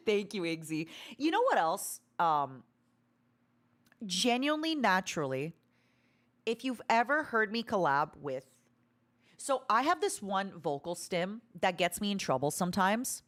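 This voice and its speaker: A woman streamer chatting casually, rambling with restarts and fillers, with a tone she calls harsh and to the point. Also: unhurried. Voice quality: animated, self-described harsh to-the-point tone. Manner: rambling with many restarts and fillers, sudden loud squeaky imitations.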